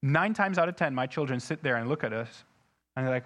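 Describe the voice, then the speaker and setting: In a medium-pitched, fairly bright voice, a pastor moves fairly quickly through his sermon. He stresses the scripture he reads aloud and keeps asking the congregation questions.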